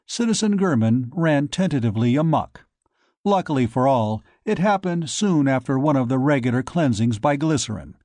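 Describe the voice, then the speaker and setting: A man narrating an audiobook in a measured storytelling delivery. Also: mid-range voice, darkish tone, no echo, clean studio sound. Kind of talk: scripted narration.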